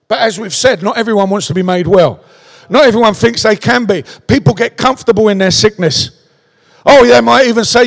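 A man's voice: sits high, a little fast, creaky, long reverb tail. A man preaching a sermon in a conversational way, tossing out rhetorical questions in a large church.

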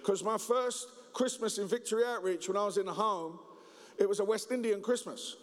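A man preaching a humorous Christmas sermon, joking and telling stories in an animated way. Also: sits high, a little fast. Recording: reverberant hall.

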